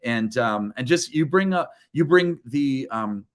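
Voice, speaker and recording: A man's voice: medium pitch, animated, a little slow. A man hosting an online book launch over a video call, exuberant and jokey, rambling through frequent restarts.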